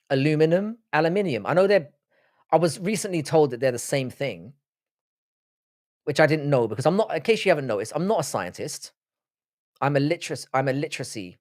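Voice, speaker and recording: The clean studio recording, free of room sound, features a man with a medium-pitched, slightly mellow voice and a London accent. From Britain, he hosts a livestream, casually bantering with viewers in a sweary, loose way and repeating words to show how he says them.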